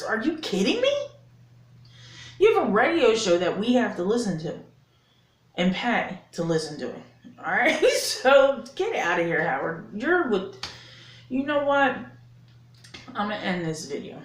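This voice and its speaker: A woman's voice: mid-range voice, very animated, unhurried, pauses often. A woman vlogger giving an indignant, emphatic opinion rant to camera, swearing and repeating herself for effect. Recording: echoey room.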